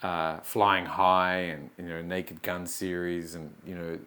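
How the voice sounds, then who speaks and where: A man, a comedian guest, chatting casually and telling animated stories, acting out quotes. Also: low voice, slow pace. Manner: animated storyteller, acts out quotes. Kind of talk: casual chat.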